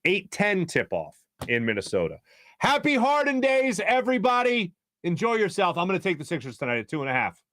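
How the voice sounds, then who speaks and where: This Philadelphia-accented man in his thirties hosts a sports talk show from a radio studio, speaking into a studio microphone. His voice is a little high and his pace quick, and he's an energetic storyteller whose rambling tales keep restarting.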